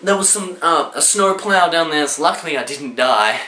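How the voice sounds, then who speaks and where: Lively man telling a comic story. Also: a little high, normal speed, a little hiss or hum. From Australia. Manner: lively, full of sound effects and shouted voices. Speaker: storyteller vlogger. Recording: roomy echo.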